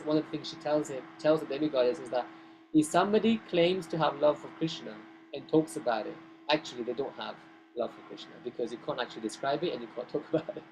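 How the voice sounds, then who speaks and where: Animated male teacher telling scripture stories. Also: medium pitch, noisy background. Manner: animated, conversational, frequent restarts. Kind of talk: scripture class storytelling. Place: temple classroom.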